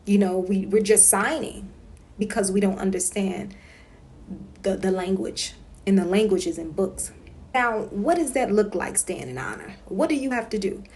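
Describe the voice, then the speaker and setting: A woman's voice: medium pitch, expressive, normal speed, darkish tone. A woman talking straight to her viewers in a casual home vlog. She is emphatic and repeats herself, and she keeps checking in with "okay?". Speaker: consumer-rights vlogger. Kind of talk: casual instructional monologue.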